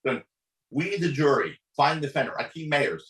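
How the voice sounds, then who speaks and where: A male guest attorney tells a courtroom story at a moderate pace in a podcast studio, bringing each person to life with big pitch swings. The room echoes and the audio is poor.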